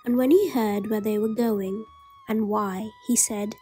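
Slow, gentle woman storyteller. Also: medium pitch, steady tone, slightly rough, soft background music. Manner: slow, gentle read-aloud. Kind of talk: storybook narration.

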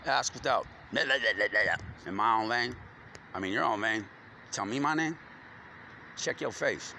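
Man, gravelly, slangy rambler with cursing, recorded outdoors over loud traffic noise. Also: mid-range voice, moderate pace, pauses often. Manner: loose, slangy, stream-of-consciousness talk with cursing. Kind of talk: rambling monologue to camera. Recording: loud street noise with passing vehicles.

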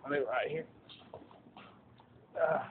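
A man ranting and swearing as he films himself outdoors and in a fast-food place. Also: a little high. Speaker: vlogger. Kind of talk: angry street vlog. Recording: tinny phone-like audio with faint hiss.

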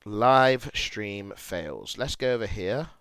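A young man with a British accent, streaming and reacting to posts in crude, casual chat, laughing loudly and muttering as he reads. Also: on the low side, expressive, slow, smooth, no echo.

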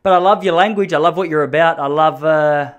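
An Australian man from Melbourne carries a solo comedy podcast, rambling through stories in a sardonic, animated way. His voice sits a little higher than most men's. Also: a little fast, clear, resonant tone. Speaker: podcast host. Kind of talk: comedic monologue.

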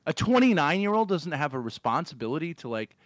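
Argumentative high-voiced male panelist. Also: sing-song, quick pace, dry recording. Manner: argumentative, interrupting, crude. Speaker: debate panelist.

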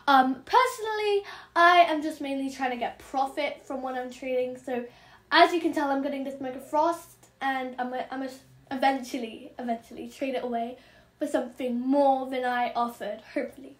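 A woman hosting a gaming channel, chattering fast and excitably as she narrates her in-game trades and apologizes for talking so quickly. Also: high voice. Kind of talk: game trading commentary vlog.

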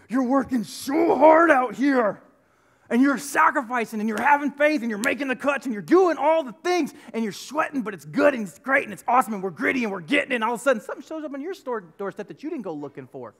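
Animated high-voiced preacher. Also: male voice, fast talker, gravelly. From United States. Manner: animated, conversational storytelling with emphatic repetition. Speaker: pastor. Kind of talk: sermon. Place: church sanctuary.

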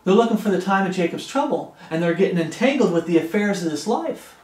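A man preaching in a high, emphatic voice, repeating his warnings over and over and reading scripture aloud. His sermon rings out in a noticeably echoey room. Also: expressive, quick pace, a little mellow. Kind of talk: expository Bible sermon.

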